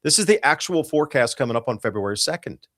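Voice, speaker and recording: A man's voice: mid-range voice, animated, fast talker, fairly bright tone. A man hosting a live podcast, talking the audience through weather charts in an urgent, emphatic, loosely rambling way. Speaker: podcast host. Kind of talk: live-show commentary over weather charts.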